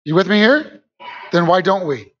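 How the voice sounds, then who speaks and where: High-voiced energetic male preacher. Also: normal speed, muffled recording. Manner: energetic, call-and-response with congregation, rises to shouts. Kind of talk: lively sermon. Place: church.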